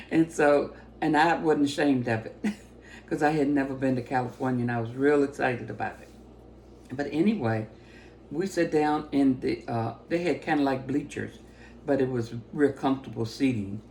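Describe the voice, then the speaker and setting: A woman giving a personal testimony as a story, talking with excitement and breaking into laughter often. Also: a bass voice, normal speed, slight background noise.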